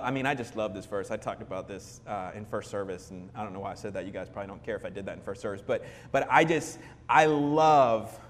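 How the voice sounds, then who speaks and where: A man's voice: lowish voice, slight background noise. Man preaching in a big echoey hall. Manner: conversational, animated preaching with quoted asides. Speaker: pastor. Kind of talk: sermon. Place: church hall. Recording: reverberant hall with faint ambience.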